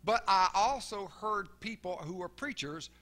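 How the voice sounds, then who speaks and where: An older man delivers a sermon in a fairly high voice for a man. He talks earnestly and circles back on his own words. When he quotes others, his voice drops to a quiet murmur. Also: lively intonation, measured pace. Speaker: preacher.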